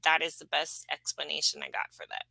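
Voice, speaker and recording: A woman's voice: low voice, sing-song, fairly quick, creaky, pushed and bright, no room sound, low-quality recording. A woman reading human design charts, talking casually and emphatically, rambling with fillers. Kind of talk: casual spiritual teaching chat.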